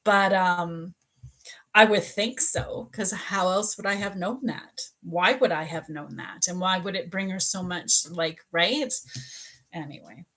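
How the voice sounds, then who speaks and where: A woman's voice: fairly low pitch, unhurried, a bit bright. A woman working as a psychic medium, chatting casually on a livestream, telling a personal story and acting out the dialogue. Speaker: psychic medium and spiritual coach.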